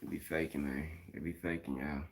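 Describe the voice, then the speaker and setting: A middle-aged Mississippi man with a Southern accent talks bluntly and casually on a live stream, repeating his points in slang. His voice is extremely low with a level tone, and he speaks a little fast.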